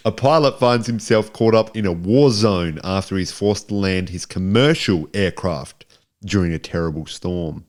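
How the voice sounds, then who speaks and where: Low-voiced man, wry podcast chat. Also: moderate pace. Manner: laid-back, wry, recites facts. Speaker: podcast co-host. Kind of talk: casual movie review chat.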